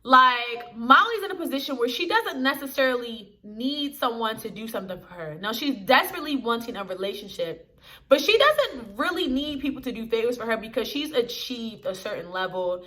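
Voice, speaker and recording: A woman's voice: fairly high pitch, expressive, brisk, bright, forceful tone. A young woman reviewing a TV episode in casual chat to camera, talking straight to her viewers in a slangy, chatty way.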